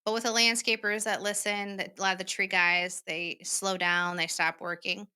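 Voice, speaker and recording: A woman's voice: medium pitch, normal speed, clean tone. A woman hosting a podcast, talking casually and chattily, acting out what people said. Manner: chatty, animated, acts out quoted remarks. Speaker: podcast host. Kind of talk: casual solo podcast talk.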